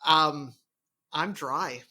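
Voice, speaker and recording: A man's voice: on the high side, very slow, bright, forceful tone. A man co-hosting a podcast in casual chat, hesitant and repeating his words. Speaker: podcast co-host.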